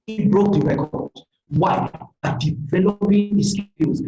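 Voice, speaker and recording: A speaker delivers an earnest, motivational career seminar with a mellow, soft-edged tone. The talk halts now and then on fillers and restarts. The voice sits in a roomy, echoey space. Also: medium pitch, measured pace, highs cut off, soft background music.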